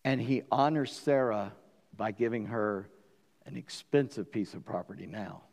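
A man with a Southern US accent preaching a sermon, animated and acting out the dialogue in voices. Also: lowish voice, moderate pace, vocal fry, big-room sound. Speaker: pastor.

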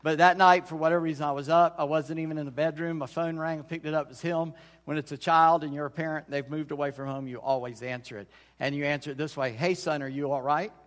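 A man's voice: a little high, flat delivery, fast talker. A middle-aged man preaching a sermon as pastor, folksy and conversational, often restarting his sentences. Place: church sanctuary. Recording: long church hall reverb.

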